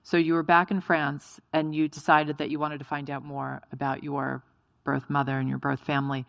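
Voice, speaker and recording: Low, gravelly-voiced woman host. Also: level tone, normal speed, no room sound, dull audio. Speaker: podcast host. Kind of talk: live on-stage interview. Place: stage at a live event.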